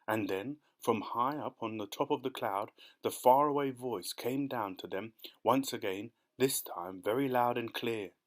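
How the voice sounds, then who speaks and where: A man narrating a children's storybook audiobook in an expressive, dramatic way. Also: mid-range voice, a little slow, hardly any pauses.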